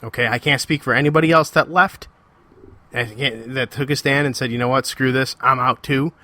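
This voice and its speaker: A man's voice: medium pitch, fairly even intonation, fairly quick, pushed and bright. A man hosting his own podcast, talking alone in a heated, confrontational rant with repeated, emphatic phrasing. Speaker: podcast host. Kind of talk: solo podcast monologue.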